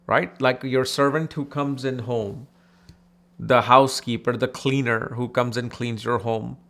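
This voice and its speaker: A man from India teaching astrology in a casual, animated, conversational way, acting out people in his anecdotes. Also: medium pitch, unhurried.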